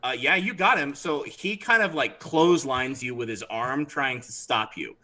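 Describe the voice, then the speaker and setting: A man narrating as dungeon master of a tabletop game, animated and throwing in character voices. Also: mid-range voice, moderate pace, crowd noise, rough recording.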